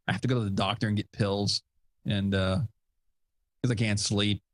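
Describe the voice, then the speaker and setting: A man's voice: fairly low pitch, fairly even intonation, normal speed, no room sound. A male podcast host chatting casually, rambling with fillers and self-deprecating asides, a father of young kids. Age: adult with young kids. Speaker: show host.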